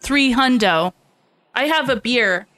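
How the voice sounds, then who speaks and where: A woman's voice: fairly high pitch, expressive, slow pace, fairly bright tone. A woman co-hosting a podcast, chatting casually, giggly and enthusiastic. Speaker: podcast co-host. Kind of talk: casual chat.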